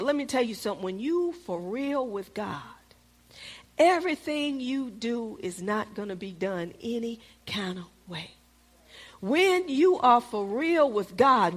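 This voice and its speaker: A middle-aged woman pastor, preaching with a fairly high voice. She calls out to the congregation and swings between firm, raised emphasis and hushed whispers. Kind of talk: sermon.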